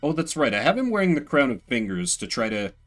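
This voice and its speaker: A man's voice: mid-range voice, big pitch swings, quick pace, fairly bright tone. A man streaming a horror game, talking through it in chatty, self-mocking let's play commentary. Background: faint game music.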